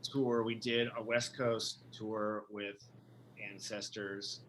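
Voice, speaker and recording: A man's voice: fairly low pitch, little pitch movement, slow pace, a bit bright. A man, a musician and podcast guest, tells a tour story casually in a rambling, profane way with many restarts.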